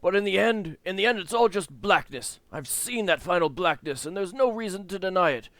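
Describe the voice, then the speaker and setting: A man voicing a bitter, despairing old man who rants and shouts scornfully through a door, in a tabletop-style game reading. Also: high-pitched, expressive, fairly quick, no echo, pitched above the performer's own voice. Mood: bitter ranting.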